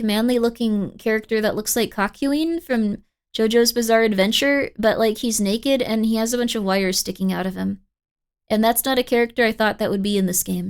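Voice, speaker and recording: A woman streamer chatting casually at the end of a live stream, sleepy and tired, rambling and repeating herself with slightly slurred words. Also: on the high side.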